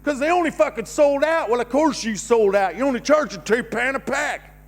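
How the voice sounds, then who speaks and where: His voice is very high and brisk as this fifty-something Canadian comic works a comedy club stage, rambling, cursing and poking fun at himself while his thoughts drift off.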